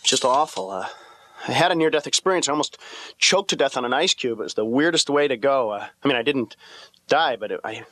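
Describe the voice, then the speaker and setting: A man's voice: medium pitch, lively intonation, brisk, sharp tone, slight background noise. A male comedian giving a nervous, sarcastic stand-up monologue as a therapy patient.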